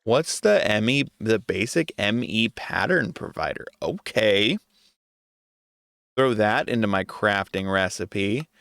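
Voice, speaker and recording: A man's voice: on the low side, expressive, slow pace, creaky, fairly bright tone, clean tone, no echo, clean studio sound. A young adult man giving casual gameplay commentary, talking to himself in an exasperated, joking way. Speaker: gaming video creator.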